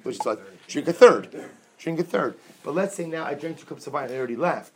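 A man leads a lively Talmud class. He reads short Aramaic phrases and explains each one in English with animated energy. Now and then he jokes with his students. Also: a little high, fast talker. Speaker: Talmud teacher.

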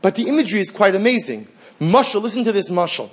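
A man with a high-pitched, breathy voice teaching a Torah class. He asks his listeners rhetorical questions and repeats phrases for emphasis. He weaves Hebrew and Aramaic terms into his English. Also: very animated, fast.

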